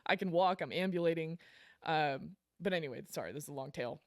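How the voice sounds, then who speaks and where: A woman guest on a podcast, telling a story in casual talk, animated and self-deprecating, laughing often and with plenty of fillers. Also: sits low, quick pace, no echo, studio quality. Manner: frequent fillers like um and like.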